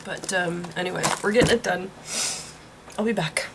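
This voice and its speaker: A woman in her thirties talking in a casual personal vlog, emotional and drained, rambling with sighs and halting starts. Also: fairly low pitch. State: tearful, drained. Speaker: pet vlogger.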